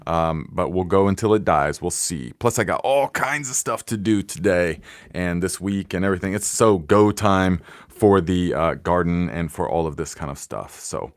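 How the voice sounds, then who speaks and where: Man, very low voice, casual live Q&A host, rambling, talking into a phone. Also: normal speed. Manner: rambling, loose, with many fillers and restarts. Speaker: livestream host. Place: home in Fort Wayne, Indiana.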